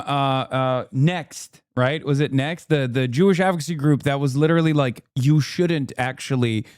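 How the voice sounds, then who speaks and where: A man in his thirties reacts live on stream, cursing and disbelieving as he rants. His voice sits fairly high for a man. The sound is dry and close, with no room around it. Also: no room sound. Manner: profane, incredulous, ranting. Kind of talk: live-stream political commentary.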